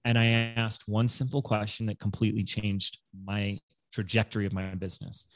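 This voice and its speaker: A man's voice: fairly low pitch, steady tone, normal speed. A man telling his business story in a casual interview, acting out other people's voices in quotes. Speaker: guest entrepreneur.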